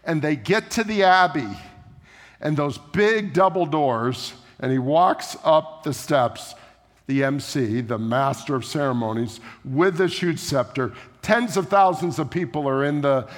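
A man preaching a sermon in a church, telling a story in a conversational way. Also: fairly high pitch. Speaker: pastor. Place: church sanctuary. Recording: echoey church hall.

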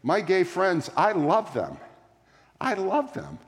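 A man's voice: high voice, huge pitch swings, takes it slowly. Male pastor preaching in a reverberant hall. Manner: emphatic, repetitive preaching cadence with big swings in loudness. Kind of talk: sermon. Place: large room before a congregation.

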